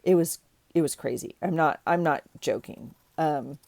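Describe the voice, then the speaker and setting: A woman's voice: deep voice, moderate pace, creaky, dry recording. A woman in her forties telling a story in a casual, chatty way while she works on a journal, filling it with lots of "like"s. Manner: chatty, animated retelling with many "like"s. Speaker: journaling vlogger.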